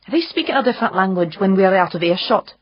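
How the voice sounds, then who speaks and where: Narrator plays a sharp-tongued young woman, brisk and a little bitter; husky tone. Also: mid-range voice, expressive, lo-fi sound, close to an everyday voice. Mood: sardonic. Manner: brisk, sardonic, uses Scots words. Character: blunt, quick-witted young woman, bitter edge.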